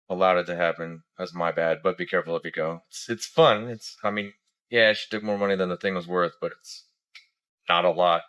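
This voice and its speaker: A man's voice: on the low side, fairly bright tone, clean tone. A man giving a casual travel review as a family vlogger, rambling with lots of fillers.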